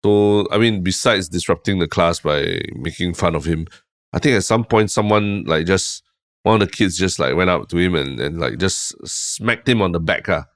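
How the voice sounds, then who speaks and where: Low-voiced Singaporean man chatting. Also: moderate pace, no room sound. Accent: Singaporean English. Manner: relaxed, rambling storytelling with frequent "lah". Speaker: podcast co-host. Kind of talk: casual chat.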